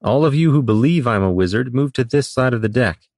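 A man's voice: mid-range voice, expressive, a little fast, a little mellow, dry recording, studio quality, voice pushed up. A man voicing a thin, bookish young male wizard who speaks in formal, old-fashioned diction. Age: young adult.

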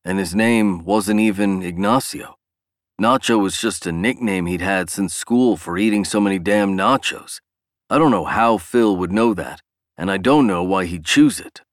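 A man narrating a novel in a steady, even storytelling read. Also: sits low, moderate pace, dry recording, studio quality. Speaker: audiobook narrator. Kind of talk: scripted narration.

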